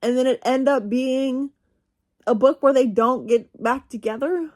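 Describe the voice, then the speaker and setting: A woman's voice: high voice, unhurried, darkish tone. Chatty young woman rambling to camera. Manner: rambling, self-interrupting, laughs at herself. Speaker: reading vlogger. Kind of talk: casual chatty monologue.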